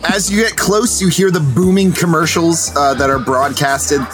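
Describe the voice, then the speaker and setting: A man's voice: a little high, normal speed, a bit bright, soft background music. A man narrating a tabletop game as game master, casual with fillers.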